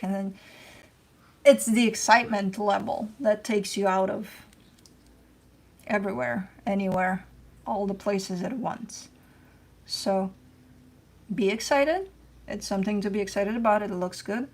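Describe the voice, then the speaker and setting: With vocal fry and long pauses, a medium-pitched woman reads tarot at a measured pace on her channel. Her manner is relaxed and chatty, sprinkled with slang and occasional swearing, and she repeats herself while reassuring and coaching.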